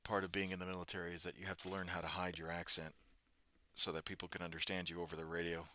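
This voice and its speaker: A man's voice: low-pitched, little pitch movement, quick pace, pushed and bright. A man from Boston with a faint Boston accent, chatting casually and jokingly on his livestream, often stopping and restarting. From Boston, New England. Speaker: livestreamer painting miniatures.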